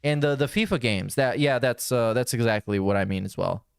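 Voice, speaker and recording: A man's voice: medium pitch, fairly quick, vocal fry, smooth, no room sound, studio quality, soft background music. A man hosting a podcast, giving blunt, sarcastic casual commentary on a clip. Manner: blunt, sarcastic, restarts often. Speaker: podcast host.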